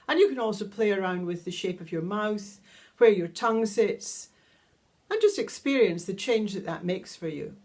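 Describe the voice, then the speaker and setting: A woman teaching a guided vocal toning lesson, calmly explaining each step and singing long vowel tones. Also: mid-range voice, moderate pace. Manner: calm, instructive, demonstrates sustained vowel tones. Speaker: sound healing teacher.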